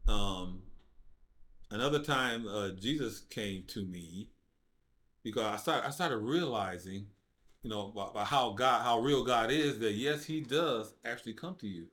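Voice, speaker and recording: A man sits in as a podcast guest and shares his testimony in loose, informal speech. He talks at a middling pitch, then breaks into lively acted-out quotes that jump up high, keeping the telling conversational. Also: unhurried. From United States. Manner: animated storyteller, acts out quotes with big jumps in pitch; informal speech with dropped verbs. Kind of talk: casual storytelling conversation.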